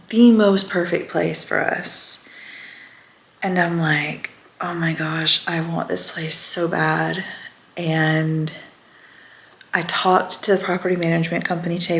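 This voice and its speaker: This lifestyle vlogger takes it slowly, her lowish voice fairly bright and fairly even in intonation. She speaks to the camera in a relaxed, candid manner, occasionally dropping to a near whisper, and the recording has an echoey room sound.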